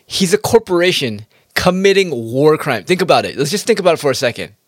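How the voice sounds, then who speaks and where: A man's voice: on the high side, very animated, fairly quick, dry recording. A man ranting in a casual monologue, swearing a lot and jumping from topic to topic. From United States. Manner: profane, heated, jumps between topics.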